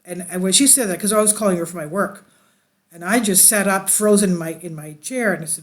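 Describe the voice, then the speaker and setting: A woman with an alto voice, a church leader telling a personal testimony and reading an article aloud, unhurried and rambling. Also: mid-range voice.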